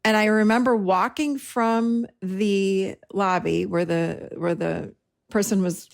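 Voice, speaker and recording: A middle-aged woman hosting a talk, telling a personal story in an animated way and acting out the dialogue. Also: mid-range voice, takes it slowly, gravelly. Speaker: host and therapist-style teacher.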